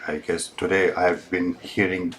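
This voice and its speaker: Guest man, very low voice, speaks slowly and haltingly, faint background hiss. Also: flat delivery, fairly bright tone. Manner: hesitant, halting, many uh's. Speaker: guest crystal carver. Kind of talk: casual explanation on a live show.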